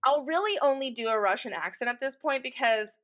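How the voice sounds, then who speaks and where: A woman's voice: high-pitched, expressive, brisk, fairly bright tone. Chatty young woman, rambling podcast banter. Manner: chatty, rambling, laughs often. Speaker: podcast co-host. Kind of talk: casual chat.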